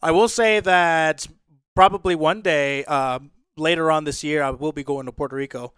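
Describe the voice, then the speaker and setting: A man's voice: on the high side, normal speed, fairly bright tone, smooth, dry recording, studio quality. A male streamer in a laid-back, rambling chat with a co-streamer, full of hesitations and fillers. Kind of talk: casual chat on a collab stream.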